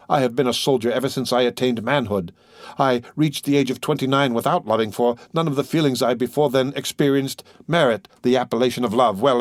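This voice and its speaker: A man's voice: medium pitch, no room sound, clean studio sound, lightly acted. A man reading an audiobook voices a grieving young man who sounds desperate, impassioned and pleading. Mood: anguished.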